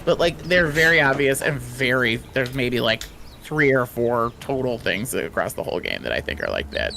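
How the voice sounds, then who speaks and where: A man's voice: medium pitch, very animated, moderate pace, creaky, pushed and bright, a little hiss or hum. A man hosting a casual game commentary, explaining the mechanics in a chatty way with many fillers. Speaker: host.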